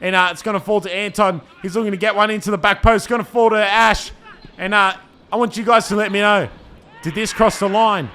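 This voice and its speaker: A man's voice: high-pitched, a little fast, clear, resonant tone. A man with an Australian accent giving casual, bantering play-by-play commentary over his own team's match footage. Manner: laid-back banter, says "man" a lot, excitable on attacks.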